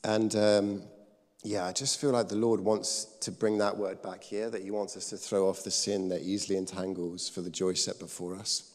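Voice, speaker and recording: A man preaching a sermon, telling a personal story, lively when acting out scenes and soft when quoting. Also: deep voice, normal speed. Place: church hall. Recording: long reverb of a church hall.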